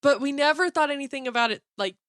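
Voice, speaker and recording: A woman's voice: sits high, fast talker, a bit bright, no room sound, clean studio sound. A woman in her twenties, a podcast co-host, chatting casually and playfully chiming in with quips. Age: 20s. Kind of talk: casual chat.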